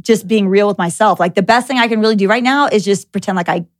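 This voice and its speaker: A young adult woman hosting a podcast, telling anecdotes in an animated, filler-heavy casual chat. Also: mid-range voice, fast talker. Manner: animated storyteller with many "like" fillers. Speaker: podcast host.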